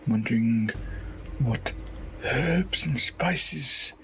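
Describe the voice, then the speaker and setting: A player voicing a creepy, soft-spoken frontier caterer in a western role-play game, speaking with slow, drawn-out courtesy. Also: mid-range voice, lively intonation, gravelly, noisy background, full character voice. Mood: unsettling courtesy.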